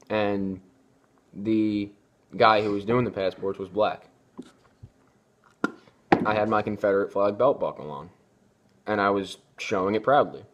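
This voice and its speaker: A young man talking casually to camera, rambling and often restarting his sentences. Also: fairly low pitch. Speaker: vlogger. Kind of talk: casual opinion talk.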